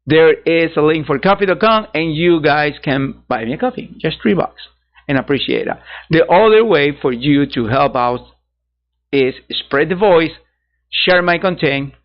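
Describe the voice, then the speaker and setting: A man's voice: fairly high pitch, animated, measured pace. A man hosting a digital art channel, chatting casually to viewers in a rambling way, correcting himself and chuckling at his own asides. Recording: dull lo-fi sound.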